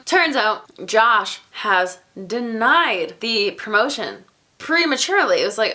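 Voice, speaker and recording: A woman's voice: high-pitched, animated, normal speed, sharp tone. A young woman giving a casual, rambling book review, with jokey asides and little quoted voices.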